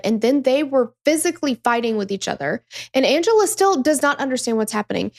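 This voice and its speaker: Woman, true crime podcast host, casual storytelling, emphatic, curses freely, fairly high voice. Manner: conversational, swears freely, emphatic.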